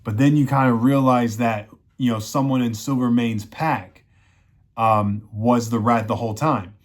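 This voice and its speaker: A man's voice: mid-range voice, steady tone, unhurried. A man casually recapping a TV season in a rambling way, full of "you know" fillers. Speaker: show reviewer.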